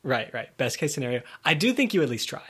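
A man chatting casually about a tabletop game session, animated and laughing in mock outrage. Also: medium pitch, fast talker, husky.

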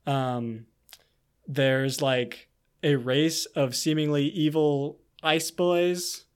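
A man co-hosting a podcast, chatting casually about a book in a rambling, animated way with plenty of fillers and restarts. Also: on the high side, very slow, smooth. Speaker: podcast co-host.

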